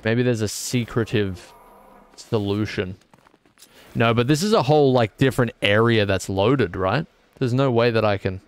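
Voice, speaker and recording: In this casual gaming stream, a young man talks back to his viewers, wandering from topic to topic and joking around. His voice has a medium pitch, a moderate pace, and a clean tone.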